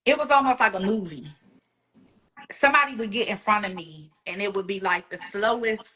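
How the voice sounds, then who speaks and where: A woman guest telling an emotional personal story, animated and acting out the voices of the people she quotes. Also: mid-range voice, a little fast, a little hiss or hum.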